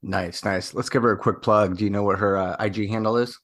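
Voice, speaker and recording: A man's voice: fairly low pitch, steady tone, fairly quick, fairly bright tone. A man co-hosting a recovery podcast, chatting in a playful, upbeat way. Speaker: podcast co-host. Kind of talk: casual podcast chat.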